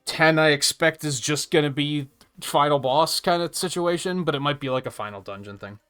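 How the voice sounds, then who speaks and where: Man, streamer, sarcastic game commentary, bright lively voice, faint game music. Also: a little high, normal speed, clean tone. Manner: sarcastic, laughing, swears casually.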